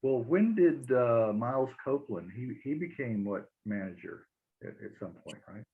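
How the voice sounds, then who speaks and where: A man's voice: mid-range voice, animated, normal speed, gravelly, husky. A man hosting a casual interview, asking questions hesitantly with many fillers. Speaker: interview host. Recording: tinny phone-like line.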